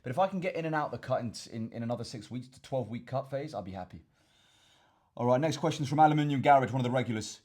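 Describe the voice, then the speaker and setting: This fitness vlogger and coach from England is a young man whose medium-pitched, slightly mellow voice comes out expressive and rapid-fire. Answering questions casually to camera, he rambles, says the same words over and over, and addresses everyone as "chaps."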